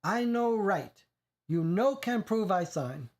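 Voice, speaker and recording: A man puts on a frightened immigrant model-maker with a thick Italian accent and broken English. The voice is pushed up well above the performer's own, turning high and shrill, pleading and defensive. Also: expressive, slow pace, a little mellow, heavily acted. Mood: scared.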